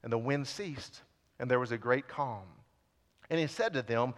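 A man preaching a sermon with passion, swinging between loud appeals and hushed lines. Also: mid-range voice, normal speed. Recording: long hall reverb.

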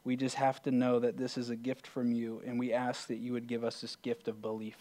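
Male pastor, even and level delivery, earnest closing prayer. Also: medium pitch, fairly quick.

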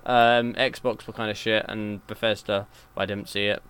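Smooth-voiced rambling podcast man. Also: lowish voice, little pitch movement, normal speed, a bit bright. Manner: rambling, self-aware. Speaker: podcast co-host. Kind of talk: casual chat.

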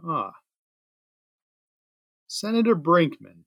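A man's voice: on the high side, big pitch swings, drawn-out words, fairly bright tone, no room sound, clean studio sound. A man playing in a tabletop role-playing game, talking casually and a little hesitantly. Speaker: player. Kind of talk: casual chat.

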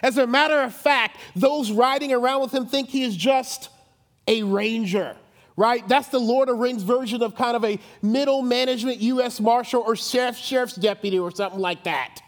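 A man preaching a sermon in a lively, conversational way with dramatic emphasis. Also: very high-pitched, moderate pace. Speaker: pastor. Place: church sanctuary.

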